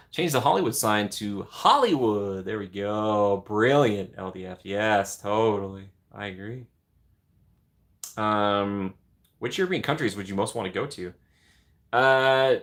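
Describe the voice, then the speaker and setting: A man with a slightly low-pitched voice hosts a casual livestream. He chats easily, reads viewer comments and answers them, and he sounds like he is speaking into a home streaming mic. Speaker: livestream host.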